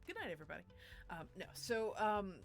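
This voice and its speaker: A woman's voice: mid-range voice, big pitch swings, brisk, vocal fry, soft background music. A woman hosting a tabletop game stream, chatting casually through sponsor reads with lots of fillers and restarts. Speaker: dungeon master and show host.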